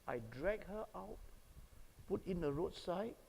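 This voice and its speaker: A man's voice: high voice, expressive, unhurried, vocal fry, darkish tone, slight background noise. Singaporean man preaching in a hall. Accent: Singaporean English. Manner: storytelling, asks the audience questions. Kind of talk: sermon.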